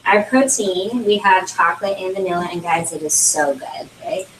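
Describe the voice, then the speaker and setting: A young woman gives a chatty, filler-heavy presentation to guests in a room. Her voice sits a little low and comes from across the space, picked up by a camera. The room rings around her. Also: normal speed, fairly bright tone, slight background noise. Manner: chatty, many fillers, laughs often. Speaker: consultant presenting at a launch party. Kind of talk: casual product presentation. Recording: roomy, distant camera audio.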